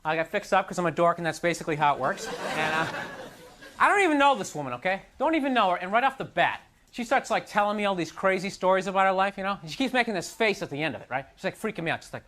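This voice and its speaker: A man's voice: high-pitched, very animated, rapid-fire, fairly bright tone. A man doing a stand-up comedy set, ranting in an exasperated, self-mocking way and slipping into mocking voices. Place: comedy club stage. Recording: live club recording with crowd and noise. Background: audience laughter.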